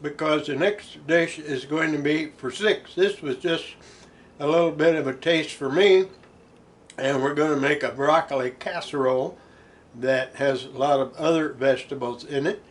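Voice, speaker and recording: A man hosting a home cooking show, talking in a folksy, chatty way while he tastes the food. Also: on the high side. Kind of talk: casual cooking demonstration.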